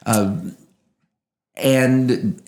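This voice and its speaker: A man being interviewed, a former television news producer now in radio, telling lively anecdotes and acting out the dialogue he quotes. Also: fairly low pitch, drawn-out words. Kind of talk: casual interview storytelling.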